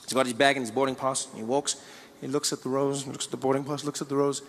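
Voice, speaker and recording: A man telling stand-up stories on stage with animated delivery. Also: mid-range voice, fast, big-room sound. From South Africa. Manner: animated storytelling. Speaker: comedian. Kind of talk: stand-up comedy.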